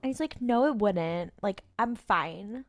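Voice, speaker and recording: A woman's voice: mid-range voice, expressive, a little slow. A woman co-hosting a podcast in casual chat, joking and laughing, with irreverent asides. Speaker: podcast co-host.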